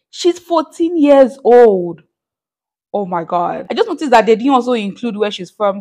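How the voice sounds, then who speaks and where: A woman's voice: mid-range voice, darkish tone. A woman hosting a reaction vlog, gushing and full of exclamations as she talks casually to her viewers. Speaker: reaction channel host.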